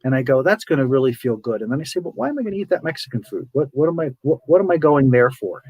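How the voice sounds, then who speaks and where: A man's voice: mid-range voice, sing-song, fast talker, a little mellow, husky, no room sound, poor audio. A man hosting a podcast, talking casually and animatedly, acting out his inner voice and repeating words for emphasis. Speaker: podcast host. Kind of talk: casual spiritual talk.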